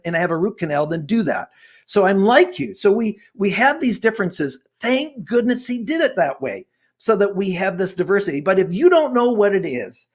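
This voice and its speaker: A man in his sixties, a guest author speaking in an interview, earnest and fervent, talking like a preacher. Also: sits high. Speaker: guest author and personality expert. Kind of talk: passionate interview talk.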